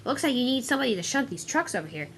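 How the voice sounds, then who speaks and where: Cheerful naive twin tank engine, woman voicing; high, bouncy. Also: big pitch swings, very fast, a bit bright, slight background noise.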